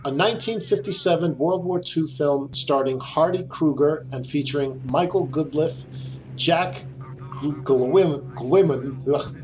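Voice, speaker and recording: A man's voice: a little high, unhurried, a little mellow, slight background noise, rough recording. A man from Queens hosting a podcast, chatting casually and reading an episode introduction, laughing often and tripping over names. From Queens, New York. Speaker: podcast host.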